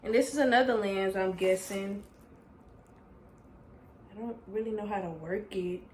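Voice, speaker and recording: A woman's voice: mid-range voice, a little slow, reverberant, a little hiss or hum. A young woman gushing her way through a casual unboxing vlog, talking straight to her viewers. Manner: gushing, excitable, talks straight to viewers with "y'all". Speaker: vlogger.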